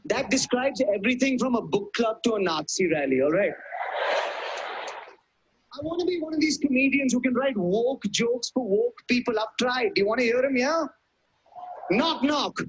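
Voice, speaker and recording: This male stand-up comedian from India, with an Indian English accent, works a live audience with wry self-mockery, punchy lines, and put-on voices. His pitch is extremely high, his intonation lively, and his pace moderate.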